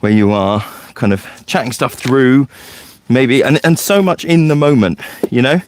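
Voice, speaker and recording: A man's voice: mid-range voice, a little slow, a little mellow, no echo, clean studio sound. A man, a forest school leader chatting casually and explaining things in a loose storytelling way. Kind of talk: casual podcast chat.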